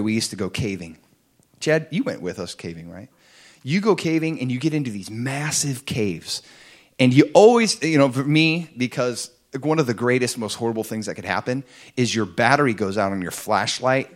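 A man preaching a sermon to a congregation, fervent and animated, dropping at times to soft, intimate tones. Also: medium pitch. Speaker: pastor.

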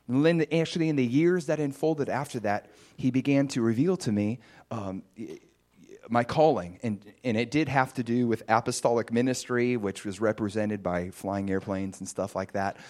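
A male preacher retelling a story in his sermon. He is lively and animated, and he talks in a casual way with filler words. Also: mid-range voice, moderate pace.

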